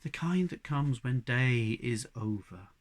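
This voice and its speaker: A cool, mysterious woman warrior from a storybook, as a man reading aloud puts her on. She speaks slowly and low, unhurried and faintly amused. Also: animated.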